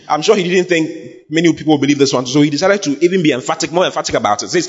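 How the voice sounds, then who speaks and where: A man preaching a sermon to a congregation, emphatic and repetitive, building up to shouts. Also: fairly high pitch, big pitch swings, quick pace, slightly rough. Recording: dull lo-fi recording with long hall reverb.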